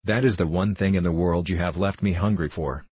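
A man's voice: low-pitched, a little fast, a little mellow, slightly rough, no room sound. A man voicing a clever, calculating orphan girl in an audiobook, speaking in an imploring, intense way.

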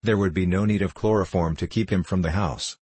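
A nervous, excitable gentleman politician, talking eagerly in a low voice, as a male reader voices him. The tone is husky, and the sound is dry and close. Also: fairly quick, dry recording. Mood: bitter, wild. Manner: eager, tense.

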